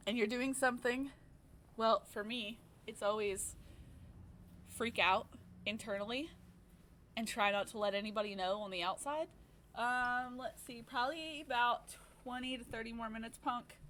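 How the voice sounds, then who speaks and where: A woman's voice: on the high side, a bit bright, a little hiss or hum. A woman livestreamer telling a personal story in a candid, chatty way, swearing casually as she talks.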